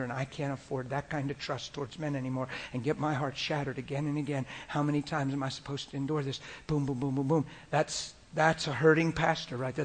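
Delivering an animated sermon, a man with a medium-pitched voice swings between loud, acted-out quotes and hushed, whispered asides.

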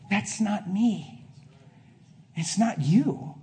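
A preacher giving a sermon to a congregation, telling a personal story, going from hushed to loud. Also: male voice, on the high side, a little slow, pauses often. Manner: emphatic, swings from hushed to loud. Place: before a live congregation.

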